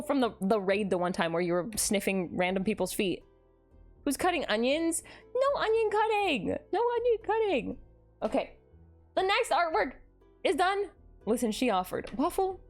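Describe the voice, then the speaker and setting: A young woman live-streaming in casual chat, gushing and excitable, laughing often as she reacts to fan art. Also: on the high side.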